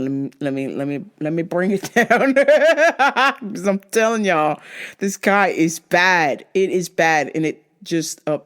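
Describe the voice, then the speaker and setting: A young woman hosting a podcast, ranting casually with lots of profanity and mocking voices. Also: deep voice. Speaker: podcast host. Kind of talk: casual rant monologue.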